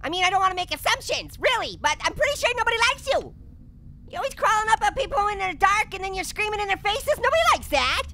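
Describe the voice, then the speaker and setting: Squeaky talking orange, piercing high pitch, lively swoops, punning, jumpy, gaming host. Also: male voice, fast, vocal fry, exaggerated voice. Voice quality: squeaky, sped-up cartoon voice. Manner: punning, jumpy, giggly, yelps at scares. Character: hyper, wisecracking male talking orange. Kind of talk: comedic let's-play commentary.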